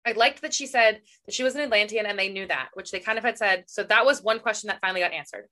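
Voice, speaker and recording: A woman co-hosting a casual book chat, rambling and expressive, quick to laugh. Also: mid-range voice. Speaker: podcast co-host.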